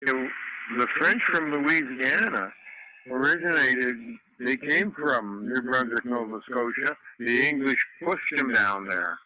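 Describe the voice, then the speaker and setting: A man's voice: mid-range voice, measured pace, bright, forceful tone, no echo, low-quality recording. A man telling stories in a casual chat over the radio. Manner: chatty, storytelling.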